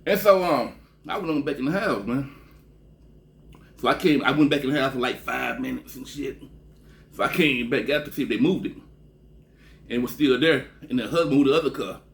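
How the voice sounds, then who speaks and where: A man from Texas spins a loose, cursing story straight to camera. His pitch sits at an ordinary middle height, and he keeps tagging phrases with a low, dropped "man." The talk is relaxed and conversational. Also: creaky. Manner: profane, rambling, ends phrases with a drawn-out low "man". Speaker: vlogger. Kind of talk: casual storytelling monologue.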